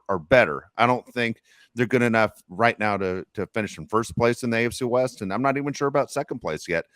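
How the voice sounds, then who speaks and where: A man's voice: lowish voice, a bit bright, no echo, studio quality. A man co-hosting a sports podcast, talking football in an emphatic, opinionated, rambling way. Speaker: podcast co-host. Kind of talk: casual sports talk.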